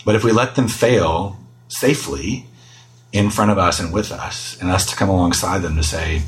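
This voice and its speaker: A middle-aged man speaks in a lowish voice as a guest on an interview. He is earnest and self-deprecating, talking through parenting in a relaxed conversational way. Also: moderate pace, soft background music, rough recording.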